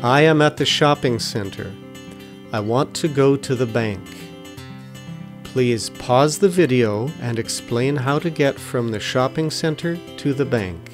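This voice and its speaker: Slow, deliberate male teaching narrator. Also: mid-range voice, music in the background. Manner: slow, clear, deliberate explanations. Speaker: ESL video narrator.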